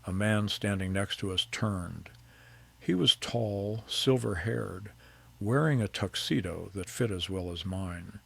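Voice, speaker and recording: A middle-aged man narrating a first-person story in a calm, measured, precise way. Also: on the low side, creaky, dry recording.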